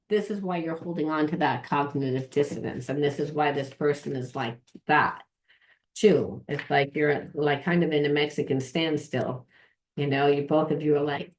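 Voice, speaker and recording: A woman's voice: sits low, moderate pace, darkish tone. A woman giving a casual tarot reading, rambling, repeating herself and swearing offhandedly. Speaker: tarot reader and trauma coach.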